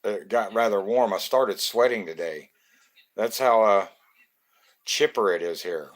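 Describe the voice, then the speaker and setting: A man's voice: fairly low pitch, measured pace. A man, from Florida, hosting a casual live stream, greeting viewers by name in a loose, joking way.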